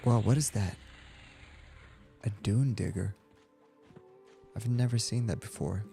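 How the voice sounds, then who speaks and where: A man with a low, gravelly voice talks in a relaxed, meandering way as he plays, filling pauses with ums and likes. His tone is mellow and fairly flat. Soft fantasy game music plays faintly behind him. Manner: relaxed, rambling, many fillers. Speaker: game streamer. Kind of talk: casual gameplay chat.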